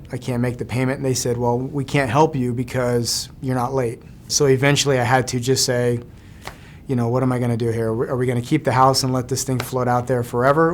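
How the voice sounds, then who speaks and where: A man's voice: mid-range voice, slight background noise. A man in an interview describing his situation in a subdued, reflective way. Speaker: homeowner interviewee.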